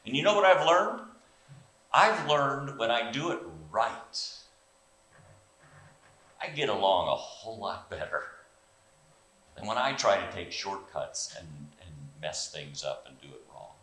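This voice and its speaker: An older man preaching a sermon in a church, animated and folksy, asking the congregation questions. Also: lowish voice, measured pace, long pauses. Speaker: pastor. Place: church sanctuary. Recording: very echoey church room, distant mic, faint hiss.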